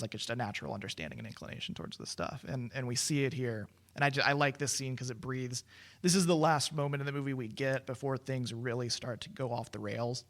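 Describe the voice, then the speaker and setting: A man co-hosting a podcast, chatting casually about a film, with quick asides and frequent laughs. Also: medium pitch, fairly bright tone. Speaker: podcast co-host. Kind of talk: casual movie discussion.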